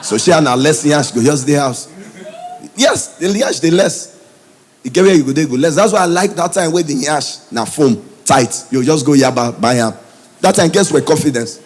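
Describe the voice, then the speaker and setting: A Nigerian comedian spins animated stand-up in Pidgin English. His husky voice sits a bit high and swings widely as he builds each story. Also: moderate pace. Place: comedy stage before a live audience.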